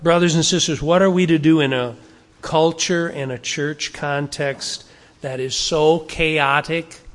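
A man's voice: a little high, steady tone, a little slow, fairly bright tone, in a large hall. A male pastor delivering a sermon to his congregation, exhorting them earnestly and asking rhetorical questions.

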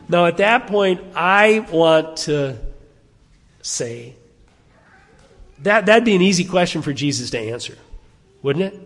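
Male pastor, sermon, fairly high voice, animated, rhetorical questions, long hall reverb. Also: unhurried.

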